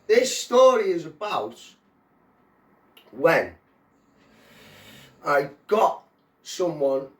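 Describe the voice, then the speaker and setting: A man's voice: high-pitched, distant mic. A Welsh man telling a story in a casual, rambling, slangy way. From Wales. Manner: rambling, slangy, loose repeated fillers. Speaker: vlogger telling prison stories. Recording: echoey room, away from the mic.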